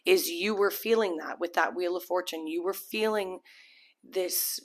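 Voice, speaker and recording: A woman with a slightly low voice doing a tarot reading in a loose, chatty way. She rambles, restarts her sentences and slips into little acted-out inner voices to make her point. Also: measured pace. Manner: acts out imagined people's thoughts. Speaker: tarot reader. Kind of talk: casual tarot reading to camera.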